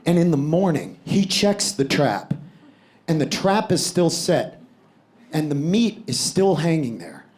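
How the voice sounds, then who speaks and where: A man from the United States performing a stand-up comedy set, telling stories loudly and shouting suddenly at times. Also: a little high, a little slow. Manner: loud, animated storytelling with sudden shouts. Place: live comedy venue with audience. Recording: live show with crowd noise.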